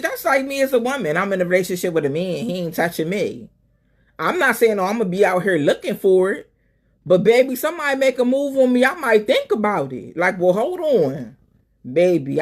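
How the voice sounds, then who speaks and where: Sassy lady hosting a live call-in chat, says honey and baby a lot, gets loud then quiet. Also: on the high side. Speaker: live show host. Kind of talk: casual live-stream chat with callers.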